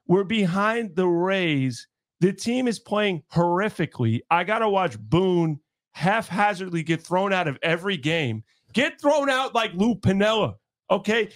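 A man co-hosting a sports podcast, ranting sarcastically and with animation. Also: sits high.

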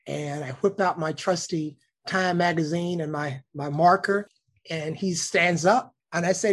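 A man, a news cameraman telling a lively story in a casual interview. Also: a little high, measured pace, breathy edge. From Alabama, United States. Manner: animated storyteller, acts out quoted voices.

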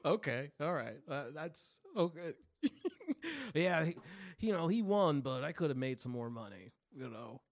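A man co-hosts a casual podcast, tossing in playful one-liners. His pitch swings widely, which gives his banter an animated, bouncy feel. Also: unhurried. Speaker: podcast co-host.

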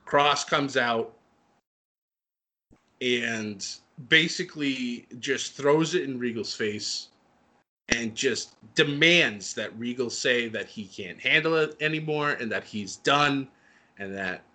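A man chatting casually and excitedly as he recaps a wrestling show, with lots of fillers and laughter. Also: medium pitch, slow pace. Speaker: wrestling podcast co-host.

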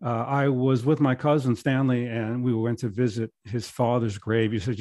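A man's voice: medium pitch, quick pace, mellow, no room sound, studio quality. A middle-aged man, a podcast guest, telling rambling anecdotes casually with many restarts. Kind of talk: casual storytelling.

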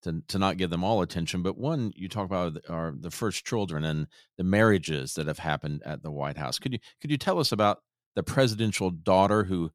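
A man's voice: low voice, expressive, brisk, dry recording, studio quality. A man interviewer asking questions with a hesitant, stammering delivery. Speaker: interviewer host.

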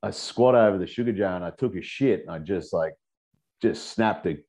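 A deep, low-voiced Australian man spins rambling, profanity-laced anecdotes as a podcast guest. His tone is dark and mellow, and his delivery is loose and animated. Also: moderate pace. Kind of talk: casual storytelling.

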